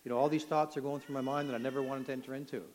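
An older man from Canada shares his personal testimony in a mid-pitched voice. He talks earnestly and with feeling. At the dramatic moments his voice climbs until he is nearly shouting. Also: flat delivery, rapid-fire, a little hiss or hum, poor audio. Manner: earnest, emotional storytelling, rising to near shouts at dramatic moments. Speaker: testimony speaker.

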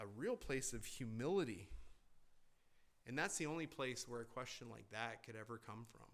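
A pastor preaching a sermon in a church, emphatic and deliberate, with rhetorical questions. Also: male voice, mid-range voice, fairly bright tone.

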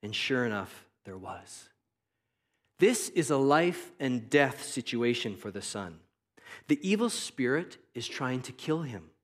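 A man giving a devotional Bible teaching in an earnest, reflective and conversational way. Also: medium pitch. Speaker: preacher.

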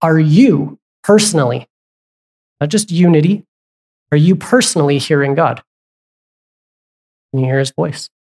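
A pastor delivering a sermon in plain, everyday speech. The voice sits at a middling pitch, and the preacher keeps turning to the congregation with direct questions, sometimes stopping to correct a slip or add an aside. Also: animated, unhurried, long pauses, darkish tone. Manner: asks the congregation repeated questions; conversational, with asides and self-corrections.

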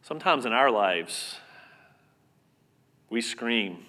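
A man preaching a sermon as pastor, earnest and conversational, repeating words and swinging between loud and soft. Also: mid-range voice, measured pace. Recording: long reverb of a hall.

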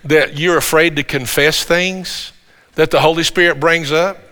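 Bright-voiced male preacher in echoing hall. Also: fairly high pitch, a little slow. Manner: earnest, animated preaching with rising emphasis. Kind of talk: sermon.

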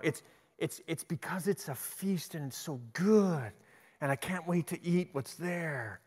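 A middle-aged man preaching a sermon, telling stories in an animated way and often restarting his sentences. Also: a little high, measured pace. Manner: animated storytelling with repeated restarts. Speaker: pastor. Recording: long hall reverb.

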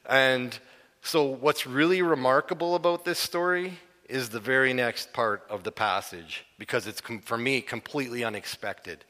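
A man preaching a sermon, telling a Bible story in a lively way and acting out the characters' panic. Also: mid-range voice, normal speed, hardly any pauses, in a large hall. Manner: animated storytelling, acts out the disciples' panic.

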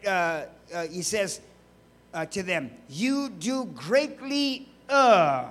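A male preacher with a notably high-pitched voice delivers a sermon. He is emphatic, drives his points home with strings of rhetorical questions, and slips in joking asides along the way.

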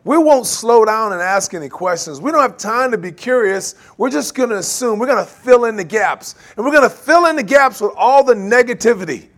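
A man preaching a sermon, animated, laughing often and acting out quoted voices. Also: high-pitched, brisk, few pauses. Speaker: pastor.

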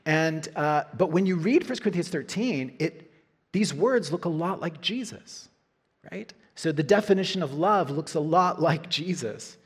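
A man's voice: on the high side, lively intonation, unhurried, husky. A man preaching a sermon as a pastor, earnest, often checking in with "right?" as he reads scripture aloud.

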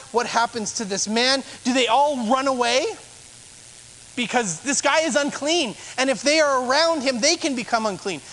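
A man's voice: extremely high pitch, a bit bright, slight background noise, low-quality recording. A man, a pastor, preaching a sermon in a conversational way, asking rhetorical questions.

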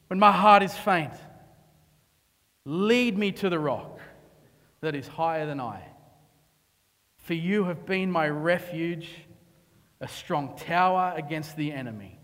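High-voiced preacher in an echoing hall. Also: male voice, a little slow, pauses often. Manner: dramatic, swings from hushed to impassioned. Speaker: pastor. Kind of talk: sermon. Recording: long reverb of a large hall.

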